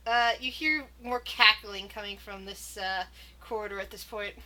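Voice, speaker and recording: A woman's voice: medium pitch, fairly even intonation, normal speed, pushed and bright. A woman narrating a tabletop game as dungeon master, with frequent fillers and laughs. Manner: laughs often, hesitant fillers.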